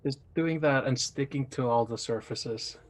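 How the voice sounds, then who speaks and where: A man's voice: medium pitch, normal speed. A man at a tabletop game talks through what his character does in a loose, rambling way full of fillers. His voice sits in the middle range for a man. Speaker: player. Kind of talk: casual tabletop game play.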